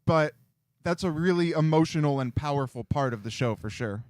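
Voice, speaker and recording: A man co-hosting a sports radio show, speaking in a measured, agreeable way. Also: on the high side, expressive, darkish tone, no echo. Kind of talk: casual sports talk. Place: radio studio.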